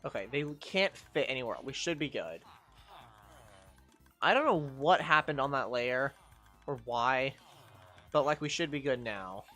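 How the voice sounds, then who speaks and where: A woman's voice: rumbling low, animated, a little slow, pauses often, fairly bright tone, faint music behind. A young woman streaming gameplay, ranting in exasperation, swearing and scolding the game's creatures as she plays. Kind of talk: live gameplay commentary.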